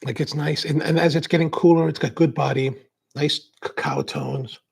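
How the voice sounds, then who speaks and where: A man hosts a relaxed coffee livestream and chats his way through viewer comments. His voice sits a touch higher than most men's and has a gravelly, husky edge. He talks in a loose, rambling way, full of "like". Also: moderate pace. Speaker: coffee show host. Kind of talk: casual livestream chat answering viewer comments.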